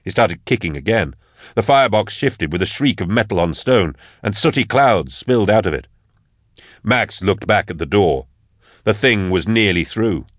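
A man narrating a dark fantasy story with measured, dramatic delivery. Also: fairly low pitch, animated, dry recording, studio quality. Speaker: audiobook narrator. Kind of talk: scripted narration.

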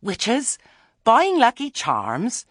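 A shrill, imperious witch who talks down to everyone around her, as a male narrator puts her on. Her voice jumps up high and loud, with a husky edge under it. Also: expressive, moderate pace, dry recording, studio quality, exaggerated voice. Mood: indignant. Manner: imperious, indignant. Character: shrill, haughty woman, a pompous witch.

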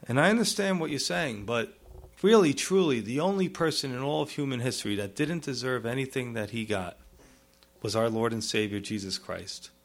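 A man preaching a sermon as a pastor, earnest, with pleading rises and soft low drops, often asking "you see?" and "right?". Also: expressive, moderate pace, vocal fry.

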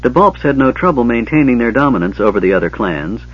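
A man narrating a fantasy novel in a measured, even storytelling style. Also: medium pitch, husky. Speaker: audiobook narrator. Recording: dull lo-fi audiobook recording.

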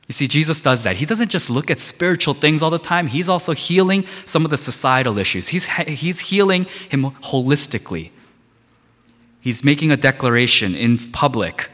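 A man's voice: on the high side, animated, normal speed, a bit bright. A man preaching a sermon as a pastor, emphatic and repetitive, with many rhetorical questions. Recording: long reverb of a large hall.

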